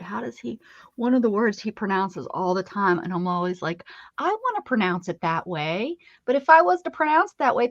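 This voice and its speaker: A woman's voice: on the high side, fairly bright tone, lo-fi sound. An American woman hosting an art stream, chatting casually and laughing often while she crafts. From United States.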